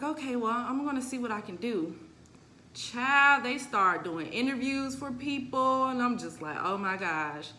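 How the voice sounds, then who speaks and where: A young adult woman telling a personal story to camera in a casual, expressive way, moving between quiet asides and emphatic moments. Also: medium pitch, a little hiss or hum. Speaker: vlogger sharing a personal testimony.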